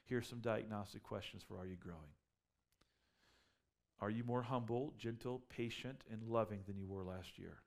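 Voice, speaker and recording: Gravelly-voiced man preaching. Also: fairly low pitch, moderate pace. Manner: conversational preaching, rhetorical questions, building to emphatic peaks. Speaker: pastor. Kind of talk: sermon.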